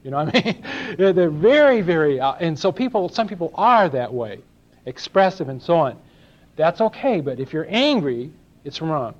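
Older preacher from LA, slightly high voice, chatty and questioning, lo-fi tape. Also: male voice, big pitch swings, normal speed. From Los Angeles. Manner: conversational, asks the congregation questions, acts out little dialogues. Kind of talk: sermon. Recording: dull lo-fi sermon recording.

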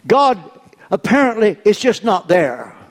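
An older male preacher delivers a sermon in a slightly high voice. He speaks slowly and takes his time with each story. His humor is dry. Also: very animated.

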